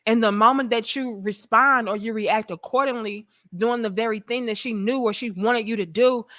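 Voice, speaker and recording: A blunt woman hosting a commentary vlog, with a fairly high, bright, forceful voice. She talks straight to her viewers in a frank, profane, conversational way. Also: normal speed, no room sound, clean studio sound. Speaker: host.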